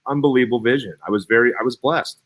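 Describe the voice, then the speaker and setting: A man in his thirties from Cincinnati, a former ballplayer, telling stories as a guest in a casual interview, animated and full of fillers and restarts. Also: medium pitch, fast. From Cincinnati, Ohio. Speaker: guest, former baseball player.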